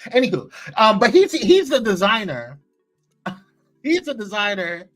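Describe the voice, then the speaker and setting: A man's voice: high-pitched, unhurried, soft background music. A man hosting a live morning talk show, chatting casually and teasingly as he reads viewer comments and dishes gossip. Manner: animated, playful, teasing, chatty with frequent laughs.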